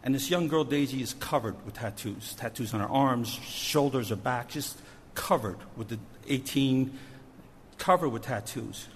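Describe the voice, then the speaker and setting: A missions pastor, a man, tells a story from the pulpit with animated energy, now loud, now soft. His voice carries a long church-hall reverb. A faint hum of the room sits underneath. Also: mid-range voice, a little slow. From New Jersey. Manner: animated storytelling with shifting loudness. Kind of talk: sermon story. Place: church sanctuary.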